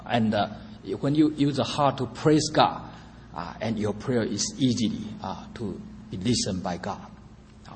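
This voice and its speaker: A man preaching a sermon in a slow, halting way, filling pauses with "uh" and using non-native grammar. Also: on the low side. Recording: reverberant hall with faint ambient noise.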